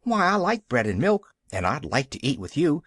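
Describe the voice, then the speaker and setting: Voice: medium pitch, big pitch swings, moderate pace, dry recording, clean studio sound, pitched above the performer's own voice. A reader voicing an eager, cheerful little orphan girl. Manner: bright, eager, upbeat.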